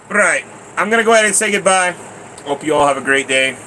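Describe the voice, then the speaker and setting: Excitable bright-voiced male streamer. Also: sits high, a little hiss or hum, low-quality recording. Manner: excitable, rambling, laughs often. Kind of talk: casual live stream chat.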